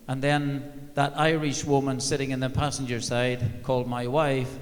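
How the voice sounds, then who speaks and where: A man's voice: medium pitch, flat delivery, normal speed, hardly any pauses. An older man recounts an old story to a live audience in a wry, self-mocking way. His voice sits in a middle register, and it is full of "uh" and "um". A long reverb hangs in the large hall around him. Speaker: former football manager, guest speaker. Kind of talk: anecdote told on stage. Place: large arena at a live event.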